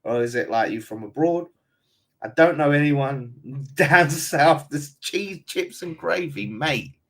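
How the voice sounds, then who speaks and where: A man's voice: a little high, lively intonation, takes it slowly, fairly bright tone. A man with an Essex accent hosting a casual fan live stream, reading out viewer comments in a blunt, chatty way and calling everyone mate. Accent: London and Essex.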